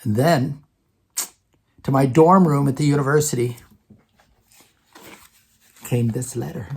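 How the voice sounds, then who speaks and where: Older male storyteller, ex-theater department head, conversational and lively with quoted dialogue. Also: medium pitch, slow, creaky, breathy edge. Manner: conversational, acts out other people's lines. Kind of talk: personal storytelling vlog.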